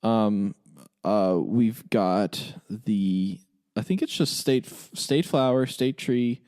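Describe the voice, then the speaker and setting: A man's voice: lowish voice, takes it slowly, no echo, studio quality. A young man from Virginia co-hosting a podcast in casual chat, rambling with many restarts. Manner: rambling, restarts often, lively intonation. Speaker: podcast co-host.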